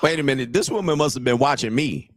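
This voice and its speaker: A man's voice: medium pitch, quick pace, dry recording, raised voice. Dry-voiced male dating coach. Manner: emphatic, conversational, repeats himself. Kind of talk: reaction commentary.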